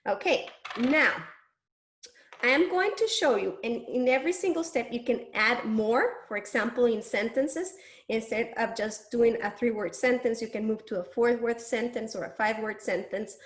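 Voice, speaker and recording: A woman teaching early reading, sounding out syllables slowly and clearly with exaggerated mouth movements and patient encouragement. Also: on the high side, reverberant. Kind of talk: demonstration lesson.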